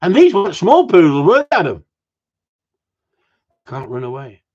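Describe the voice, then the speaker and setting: Casting: husky, lively bloke, crude teasing banter, lo-fi sound. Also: male voice, high voice, moderate pace. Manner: swears freely, teasing, laughs often. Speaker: host of a gundog group chat. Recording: dull lo-fi sound.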